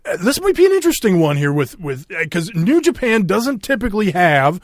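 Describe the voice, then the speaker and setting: A man's voice: high-pitched, big pitch swings, fairly quick, no echo, studio quality. A man with a Minnesota accent hosting a wrestling podcast, talking in a loose, rambling way full of fillers and swearing. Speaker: podcast host. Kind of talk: casual chat.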